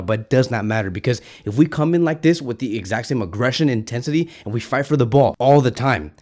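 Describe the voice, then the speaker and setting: A man hosting a football fan channel, giving an excited, ranting reaction to a match and repeating himself when worked up. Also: lowish voice.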